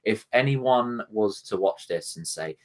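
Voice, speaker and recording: A man's voice: fairly low pitch, animated, measured pace. A man co-hosting a casual film review, rambling with lots of fillers and restarts.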